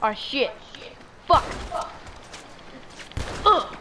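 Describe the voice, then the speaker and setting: High, lively woman gamer, playfully profane. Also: extremely slow. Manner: playful, profane, yelps in mock panic. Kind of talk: casual gaming banter. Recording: noisy game audio behind voice.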